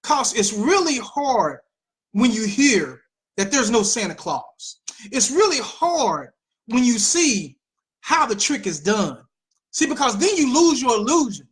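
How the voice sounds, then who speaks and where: A woman hosting a political commentary show, talking in an animated way with mocking asides and repeated phrases. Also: on the high side. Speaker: host.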